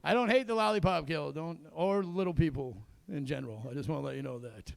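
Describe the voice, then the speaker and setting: Male stand-up, high gravelly voice, crude rambling delivery, dry close stage mic. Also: fast, dry recording. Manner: crude, rambling, acts out quotes. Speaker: stand-up comedian. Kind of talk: stand-up comedy set. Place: comedy club stage in a casino.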